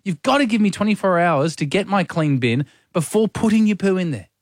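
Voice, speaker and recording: A fairly high-pitched man bantering on a radio show. His voice is close and dry, with no room echo. He argues his point with quick, chatty interjections. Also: animated. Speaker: radio host. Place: radio studio. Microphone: studio microphone.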